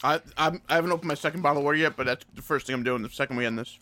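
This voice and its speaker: A man's voice: on the high side, pushed and bright. A man co-hosting a podcast, chatting casually and teasing his friends. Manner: teasing and fast-talking. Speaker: podcast co-host. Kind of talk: casual chat.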